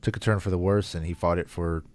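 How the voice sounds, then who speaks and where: A man co-hosting a podcast, talking in a relaxed, slangy, casual way. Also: low-pitched, fast talker. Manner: relaxed, supportive listener with slangy replies. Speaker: podcast co-host.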